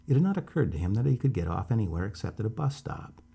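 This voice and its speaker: A man calmly reading a story aloud as a bedtime storyteller. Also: fairly low pitch, fast talker, vocal fry, husky.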